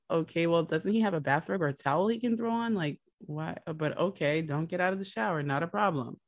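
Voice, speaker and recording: A woman's voice: lowish voice, expressive, a little fast, dry recording. A woman hosting a podcast, casually retelling a TV episode in a chatty storytelling way. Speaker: podcast host.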